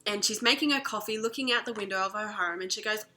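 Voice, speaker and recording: A woman coach telling a story in an animated, chatty way, full of fillers. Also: mid-range voice, fast, soft background music. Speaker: spiritual coach. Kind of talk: storytelling lesson.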